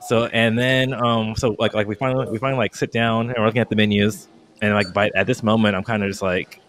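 A man's voice: lowish voice, level tone, a bit bright. A man in his thirties in casual podcast chat, telling a long story with lots of fillers and restarts, acting out his own past lines with heat. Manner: rambling, halting, full of fillers and restarts.

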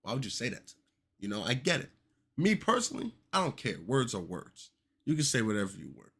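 A young man hosting a casual commentary podcast, animated and joking with exaggerated reactions. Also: mid-range voice, brisk, breathy edge. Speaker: podcast host.

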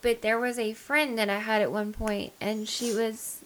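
A woman's voice: on the high side, little pitch movement, moderate pace, a crowd in the background. A woman co-hosting a podcast, talking frankly and chattily about her own experiences. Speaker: podcast co-host. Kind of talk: casual chat.

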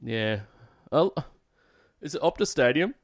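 Lively, sweary Australian bloke. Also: male voice, medium pitch, unhurried, no echo, studio quality. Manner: animated, sweary, laughing. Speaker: podcast co-host. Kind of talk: casual banter.

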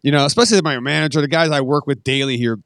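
A man's voice: fairly high pitch, racing, fairly bright tone, dry recording, clean studio sound. A middle-aged man telling stories in a casual podcast chat, swearing and laughing often as he rambles. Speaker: podcast guest.

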